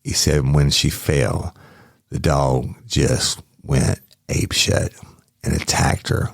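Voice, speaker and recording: A man tells a true-crime story in a rambling, profane way. His voice sits extremely low. The recording is dry and close, with no room sound. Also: fairly even intonation, slow pace, creaky, no echo. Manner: rambling, profane, self-correcting. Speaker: podcast host, former police officer.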